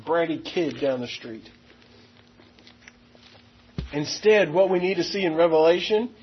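A man with a high, husky voice preaches a verse-by-verse sermon, slowing down to read scripture aloud. The recording sounds dull and lo-fi. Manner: teaching verse by verse, stressing key words. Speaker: pastor.

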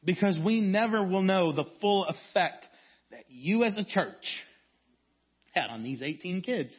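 A man with a high, husky voice preaches a sermon, weaving in stories. He swings from strong emphasis down to hushed, quiet lines. The recording sounds a little dull and lo-fi. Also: lively intonation, measured pace. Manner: storytelling preacher, varies volume from strong to hushed. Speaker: youth pastor.

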